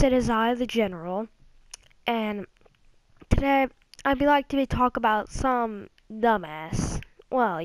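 A woman's voice: a little high, no room sound, poor audio. A woman hosting her channel with a profane comedic rant, angry and crude, often stumbling over her words. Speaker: channel host ranting about a video series.

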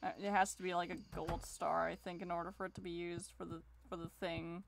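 A woman's voice: lowish voice, little pitch movement, fairly quick, gravelly, noisy background. A woman streaming a video game, chatty and self-deprecating, swearing and answering chat. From Canada. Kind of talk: casual live-stream chat.

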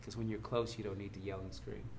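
A man preaching a sermon as a rabbi, teaching and reading quotations while swinging from loud to soft. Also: lowish voice, little pitch movement, fast, roomy sound, noisy background.

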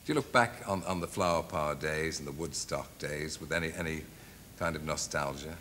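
A man's voice: rumbling low, a little fast, pushed and bright, a little hiss or hum. A man hosting a TV chat show, interviewing a guest with leading questions.

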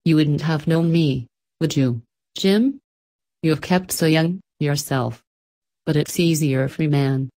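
Husky, excited middle-aged farm mother, read by a woman, low and breathy. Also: a little slow. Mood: fond. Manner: excited, bustling, fond.

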